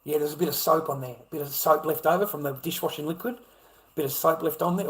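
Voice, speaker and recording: An Australian man ranting off the cuff on a livestream, swearing a lot and repeating himself, moving from low muttering to shouting. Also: lively intonation, a little fast, poor audio. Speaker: livestream ranter. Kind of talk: profane off-the-cuff rant.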